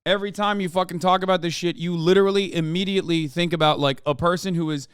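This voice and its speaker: Heated, profane man with a high voice. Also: steady tone, fast, few pauses, clean tone, no echo, clean studio sound. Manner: mocking and combative toward chat. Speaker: streamer and political commentator. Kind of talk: live-stream political commentary.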